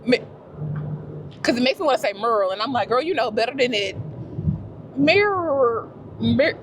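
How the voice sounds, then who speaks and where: A vlogger chats casually to her camera while driving her car, talking to herself and laughing easily. Her voice is fairly high with lively intonation, and she speaks slowly with frequent pauses over background noise.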